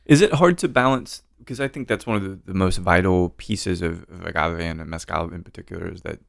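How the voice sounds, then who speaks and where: A man's voice: low-pitched, a little fast, vocal fry, dry recording, clean studio sound. A man hosting a podcast, chatting casually and encouraging his guest with questions. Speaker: podcast host.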